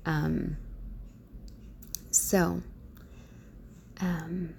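A woman audio creator from the Southern US talks casually to her listeners. Her voice is low for a woman and has a gravelly edge. She speaks with careful, clear diction but sounds hesitant and self-deprecating. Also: flat delivery, drawn-out words, warm tone, a little hiss or hum.

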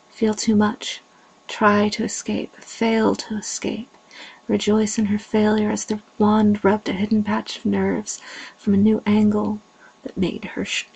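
Slow, gravelly, breathy woman narrator. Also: medium pitch, darkish tone, low-quality recording. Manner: slow, breathy delivery, dropping to whispers. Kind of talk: erotic story reading.

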